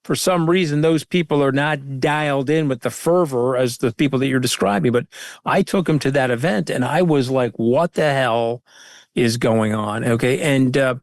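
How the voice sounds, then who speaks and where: A man speaking as an interview guest, telling anecdotes in an animated, conversational way into a close microphone. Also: medium pitch, normal speed, dry recording.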